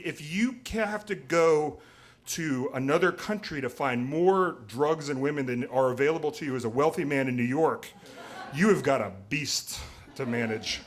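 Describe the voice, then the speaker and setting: A man's voice: mid-range voice, moderate pace. A man telling a personal story live on stage, wry, profane and self-mocking.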